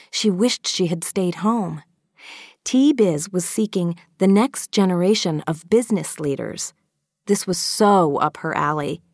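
A woman narrating a children's novel as an audiobook reader, in a steady, even storytelling manner. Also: fairly low pitch, dry recording, clean studio sound. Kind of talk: scripted narration.

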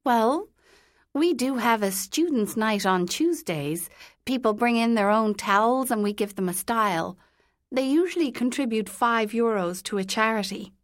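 A witty young female salon owner in an audiobook, teasing and brisk, as the female narrator plays her. She sits somewhat above the reader's own pitch. The sound is dry and close. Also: expressive, no echo, natural voice. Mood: wry.

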